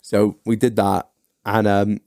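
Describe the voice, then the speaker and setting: A man's voice: on the low side, slow, dry recording, studio quality. A man hosting a casual podcast, telling stories full of swearing. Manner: profane, animated anecdote-telling. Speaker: podcast host.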